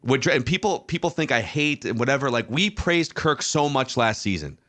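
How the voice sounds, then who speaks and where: A man hosts a football podcast and tells a rambling, self-mocking story. His voice is bright and tense, pitched in the middle range. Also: lively intonation, moderate pace. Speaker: podcast host. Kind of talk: casual sports talk.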